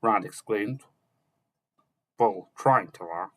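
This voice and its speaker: Guy reading a fantasy novel out loud, kinda low voice, bright and dry sounding, stops and fixes words as he goes. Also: dry recording, low-quality recording. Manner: slow, halting reading with self-corrections. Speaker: audiobook narrator. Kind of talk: scripted narration reading a novel.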